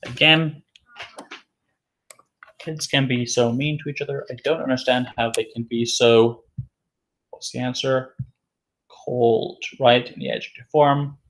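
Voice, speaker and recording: A man teaching an English vocabulary lesson, saying each word slowly and repeating it several times for learners. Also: medium pitch, steady tone, a bit bright.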